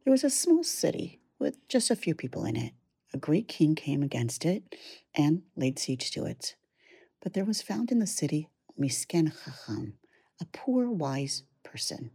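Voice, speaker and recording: A low-pitched woman with a husky, dark tone delivers a study lesson. She speaks in a measured, reflective way and weaves Hebrew verses into her English. The recording is dry and close. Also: big pitch swings, no room sound. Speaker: Torah study teacher.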